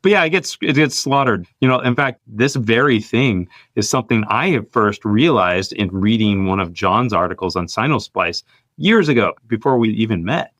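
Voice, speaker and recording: A man's voice: lowish voice, expressive, moderate pace, a bit bright, dry recording, clean studio sound. A man from the United States hosting a podcast, agreeably summing up and adding to his guest's points. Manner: agreeable, summarizing what the guest says. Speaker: podcast host. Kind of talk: podcast conversation.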